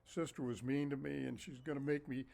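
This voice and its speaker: An upset little boy pouring out his complaints to his mom, as a man recalling his childhood puts him on. He speaks softly and a little hurried, with a whine in it. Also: mid-range voice, little pitch movement, vocal fry, lightly acted.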